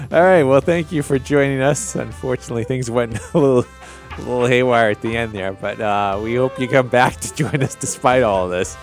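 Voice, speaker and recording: A man's voice: mid-range voice, normal speed, soft background music. A man co-hosting a podcast in casual chat, easygoing and amused, laughing often. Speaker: podcast co-host.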